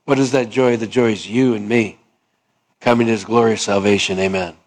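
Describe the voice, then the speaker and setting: A man preaching a sermon, asking his listeners questions and dropping low and soft on key points. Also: steady tone, fairly quick. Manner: acts out both sides of dialogues, rising pitch for the stubborn voice. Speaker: pastor.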